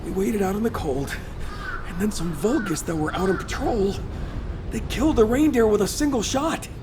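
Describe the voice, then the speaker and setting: A woman's voice: medium pitch, lively intonation, moderate pace, lightly acted. An actress playing a shaken young woman hunter who stammers through her account in a game. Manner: hesitant, breathless storytelling. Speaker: game character. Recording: game audio with ambient noise.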